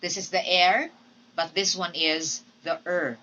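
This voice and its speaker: A woman teaching English pronunciation in a recorded lesson. She speaks deliberately, models example words aloud and often checks in with "okay?". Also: fairly low pitch, level tone, sharp tone, recorded from a distance, highs cut off.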